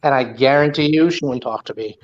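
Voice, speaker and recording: A man's voice: medium pitch, fairly quick, lo-fi sound. A man in casual chat with friends, blunt and joking.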